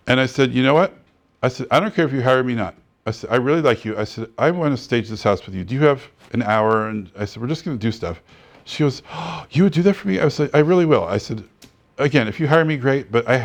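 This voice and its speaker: A man teaching a real estate class, telling stories and acting out the dialogue with frequent laughter. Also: medium pitch. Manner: animated storyteller who acts out dialogue and laughs often. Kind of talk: classroom lecture with anecdotes.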